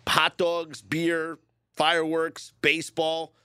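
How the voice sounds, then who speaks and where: Bright, enthusiastic sports radio host man. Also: on the high side, completely flat delivery, takes it slowly, smooth, no echo, studio quality. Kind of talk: casual sports radio chat.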